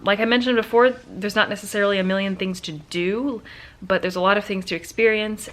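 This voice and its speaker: A woman's voice: on the low side, fairly bright tone. A woman talking casually to camera in a hotel room, chatty and enthusiastic as she thinks aloud. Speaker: travel vlogger. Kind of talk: casual vlog talk to camera.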